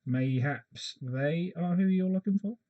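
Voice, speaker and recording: A man's voice: fairly high pitch, unhurried, muffled recording, voice pushed up, lightly acted. A man voicing a curt, greedy innkeeper who talks bluntly and swears. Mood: confiding. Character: curt, greedy male innkeeper, middle-aged.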